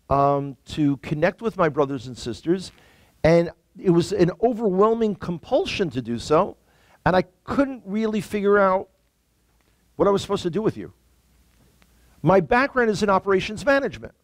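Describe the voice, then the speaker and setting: A man with a New York accent chats as a guest, his voice swinging widely in pitch as he jokes. The sound is dry and close, over a video call. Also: dry recording. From the Bronx, New York. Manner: animated, joking asides. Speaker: guest, tour guide. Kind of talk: casual conversation.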